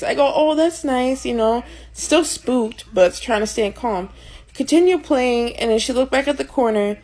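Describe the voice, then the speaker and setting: A woman's voice: a little high, darkish tone, rough recording. A woman, a mother, telling a spooky story dramatically and expressively. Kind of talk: casual storytelling.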